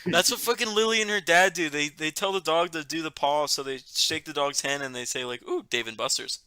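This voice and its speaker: A man's voice: a little high, a little fast, sharp tone, clean tone, no room sound. A man co-hosting a casual group podcast, laughing often and swearing while telling stories. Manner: laughs a lot, swears, storytelling. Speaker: podcast co-host.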